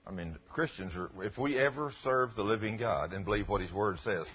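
A man's voice: lowish voice, brisk, a little hiss or hum. A middle-aged male pastor preaching in a folksy, earnest, conversational way and quoting scripture, in a dull lo-fi recording. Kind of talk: conversational sermon.

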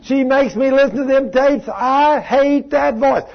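A male preacher voicing a demon-possessed woman, hateful and tormented, in a high, strained, drawn-out wail. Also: gravelly, dull audio, full character voice.

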